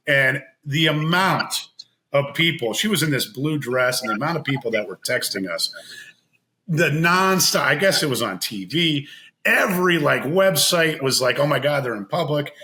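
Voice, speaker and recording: A man spins an animated anecdote in casual podcast chat, his bright voice swinging up and down in pitch. He laughs and acts out the people in his story. A faint hiss sits under the recording. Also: low-quality recording. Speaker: podcast guest.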